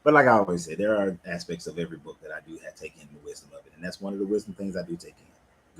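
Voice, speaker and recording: A low-pitched man chats loosely and profanely from his cigar lounge, laid-back but animated. A faint hum of background noise sits under his voice. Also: quick pace, rough recording. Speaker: life coach and cigar lounge owner. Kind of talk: casual livestream talk.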